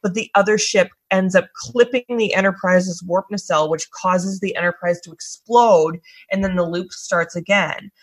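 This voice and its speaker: A woman's voice: on the low side, steady tone, moderate pace, few pauses, husky, poor audio. A woman co-hosting a podcast, chatting casually and retelling an episode's plot with offhand asides and the odd swear. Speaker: podcast co-host.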